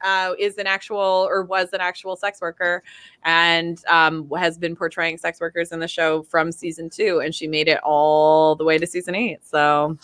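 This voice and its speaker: A woman's voice: fairly low pitch, level tone, normal speed, fairly bright tone, clean tone. A woman guest in casual fan chat, bubbly and rambling, with lots of fillers.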